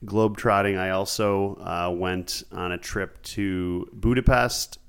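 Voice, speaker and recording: A man co-hosts a podcast in easy, casual chat. He has a slightly low voice and fires off quick questions between laughs. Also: steady tone, vocal fry, a bit bright, clear, resonant tone. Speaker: podcast co-host.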